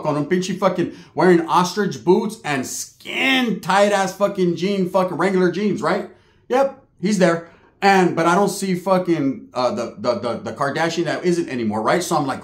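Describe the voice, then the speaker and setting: A streetwise middle-aged man rambling through a story, salty and loose, dropping Spanish slang as he goes. His voice sits a touch high, and the room around him echoes. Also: lively intonation, normal speed. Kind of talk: casual storytelling monologue.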